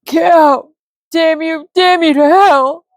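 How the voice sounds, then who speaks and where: A woman voicing a drunk, grieving, hostile older man with a raspy, slurred voice. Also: sits high, lively intonation, measured pace, no echo, clean studio sound, pitched above the performer's own voice. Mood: angry drunk.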